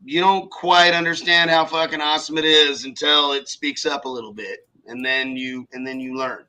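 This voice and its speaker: Male podcast co-host with a very bright, slightly high voice, who tells lively stories full of acted-out quotes. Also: moderate pace, low-quality recording. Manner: animated storyteller acting out quoted people, swears freely. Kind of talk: casual chat.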